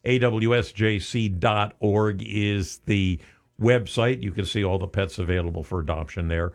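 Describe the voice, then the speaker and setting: A man's voice: fairly low pitch, normal speed. A man hosting a radio talk segment, joking around and stammering through restarts. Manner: jokey, playful, stammers with restarts. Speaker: radio show host. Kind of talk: casual radio chat.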